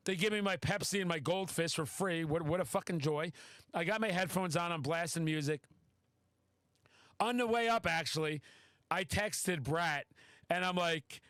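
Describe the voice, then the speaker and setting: A man hosting a podcast, telling a story in casual chat, excitable and swearing freely. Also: fairly high pitch, normal speed, no echo. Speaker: podcast host.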